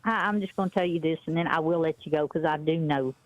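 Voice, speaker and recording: A woman's voice: low voice, fairly even intonation, fast, no room sound. A woman, calling in and telling a story bluntly in casual chat. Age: 50s. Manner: blunt storytelling, quoting others. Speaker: caller. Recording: muffled dry phone-in audio.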